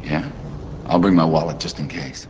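A man's voice: a bass voice, normal speed, muffled recording, background noise. An actor playing a wisecracking police detective ribbing his partner in offhand banter, from a film clip. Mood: teasing. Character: wisecracking male police detective, teasing buddy. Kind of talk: film acting.

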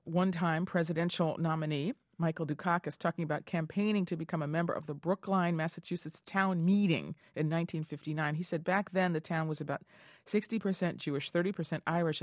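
A woman hosting an interview, chatty and quick to laugh as she questions her guest. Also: low voice, fairly even intonation, no room sound, clean studio sound. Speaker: radio interview host.

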